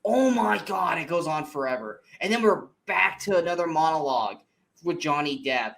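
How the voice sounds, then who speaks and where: A man co-hosting a movie review podcast, ranting in an animated, exasperated way with plenty of swearing. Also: fairly high pitch, normal speed, creaky. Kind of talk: casual movie review chat.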